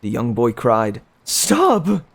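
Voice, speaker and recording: A man reading a novel aloud in plain, unhurried storytelling. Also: on the low side, little pitch movement, gravelly, darkish tone. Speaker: reader.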